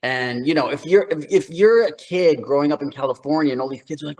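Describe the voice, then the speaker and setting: A man's voice: fairly high pitch, fast, low-quality recording. A man in his thirties from New York, telling loose, slangy stories as an interview guest, with lots of filler words. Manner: loose, slangy storytelling full of "like". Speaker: guest, actor. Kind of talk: casual interview chat.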